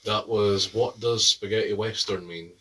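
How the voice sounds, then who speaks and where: A man's voice: fairly low pitch, steady tone, unhurried, bright, forceful tone, breathy edge, recorded from a distance, rough recording. A man co-hosting a casual quiz, reading questions with dry jokes. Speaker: quiz co-host. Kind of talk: casual chat.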